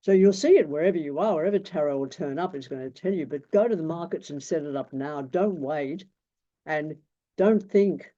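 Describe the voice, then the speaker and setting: A man's voice: a little high, normal speed, dark tone. Blunt, swearing man in his sixties. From Australia. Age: 60s. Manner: blunt, swears freely, rambling anecdotes. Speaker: tarot teacher. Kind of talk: casual teaching talk. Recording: dull lo-fi recording.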